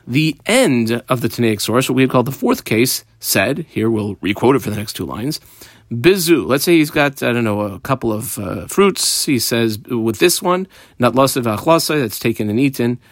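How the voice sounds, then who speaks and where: A man's voice: mid-range voice, big pitch swings, normal speed, dry recording, studio quality. A man teaching a Talmud page line by line, explaining the text while marking it up aloud.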